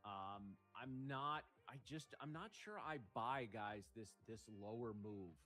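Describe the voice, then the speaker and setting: A man talks through live trading commentary in a measured, analytical way, thinking aloud as he goes. His voice sits at an everyday middle pitch for a man. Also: pushed and bright, faint music behind. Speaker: day trader co-hosting a livestream.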